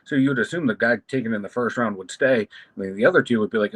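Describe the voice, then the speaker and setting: A man co-hosting a casual sports chat, speaking haltingly with restarts. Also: on the low side, a bit bright, husky, dry recording. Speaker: podcast co-host.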